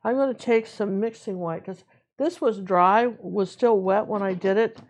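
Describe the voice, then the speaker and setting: A woman's voice: medium pitch, unhurried, a little hiss or hum. Chatty woman teaching painting live. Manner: relaxed, chatty, talks to herself while working. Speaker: painting instructor.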